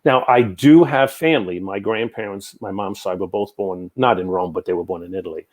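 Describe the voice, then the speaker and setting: With a deep voice and a fairly quick pace, a psychic medium from New York in his sixties rambles through anecdotes as an interview guest. It's casual storytelling, animated and packed with tangents.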